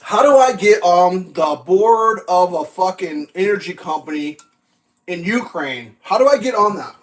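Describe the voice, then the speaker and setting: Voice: medium pitch, animated, unhurried. A vlog host ranting casually over breakfast, rambling and sarcastic, swearing freely and laughing often. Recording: distant mic with faint noise.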